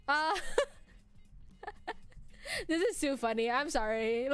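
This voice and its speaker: A woman's voice: sits high, big pitch swings, takes it slowly, long pauses, a bit bright, faint music behind. A woman in her twenties chatting casually on a live stream with her viewers, laughing often. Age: 20s.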